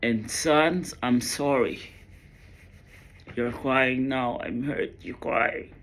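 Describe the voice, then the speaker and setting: Man, mid-pitched, slow halting delivery, earnest emotional monologue with repeated words. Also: fairly bright tone, a little hiss or hum. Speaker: storyteller.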